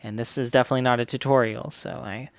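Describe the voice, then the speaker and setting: A man talking to his camera in a frustrated, halting rant, often stumbling and repeating words. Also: mid-range voice, steady tone, clear, resonant tone, no echo. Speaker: YouTuber.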